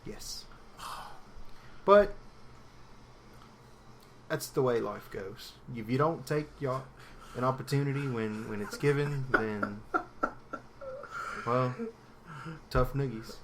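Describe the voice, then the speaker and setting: A man's voice: mid-range voice, slow pace, pauses often, noisy background. A man on a casual podcast putting on a clumsy mock British accent that keeps drifting toward Australian, telling a story with many hesitant restarts.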